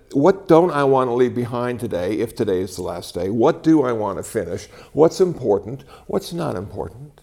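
A creaky, mid-range voice belongs to a man in his sixties giving a talk before a live audience. It's conversational and full of animated storytelling with wry humor.

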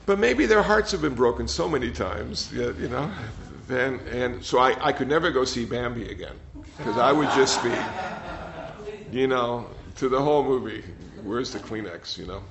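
Older man, meditation teacher, gentle rambling talk, repeats words, dull sound, faint hiss. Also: medium pitch, expressive, normal speed, vocal fry. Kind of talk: dharma talk with audience questions.

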